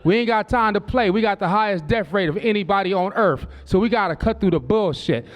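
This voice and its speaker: Brash, profane man with a higher voice. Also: animated, brisk, highs cut off. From Southern California. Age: 40s. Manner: profane, brash storytelling that slips into quoted voices. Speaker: stand-up comedian. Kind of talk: stand-up comedy set. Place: comedy club stage.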